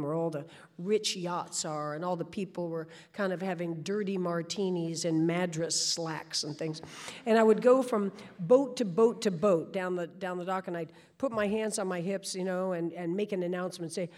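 A woman tells a story as a guest. Her delivery is animated, and she often restarts her sentences. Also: on the low side. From New York. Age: 60s.

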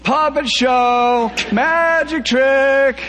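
A man voicing a wild young woman who shouts in a shrill, drawn-out way. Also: long reverb tail, a little hiss or hum, full character voice. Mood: shrieking.

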